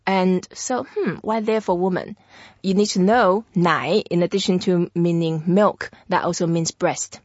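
A patient woman teacher with a slightly low voice, explaining words step by step and repeating them for practice. The sound is dry and a little dull, with no room echo. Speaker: Mandarin teacher. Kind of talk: language lesson chat.

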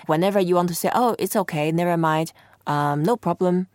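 A woman with a Chinese accent hosting a language lesson podcast, who repeats phrases slowly like a patient teacher. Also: fairly low pitch, darkish tone, dry recording, clean studio sound.

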